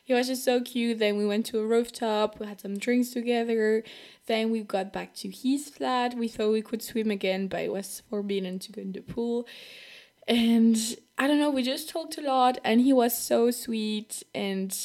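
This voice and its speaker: A woman's voice: fairly high pitch, a little mellow. Young woman rambling through a personal story. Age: young adult. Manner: rambling and hesitant, with many fillers and restarts. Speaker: podcast host.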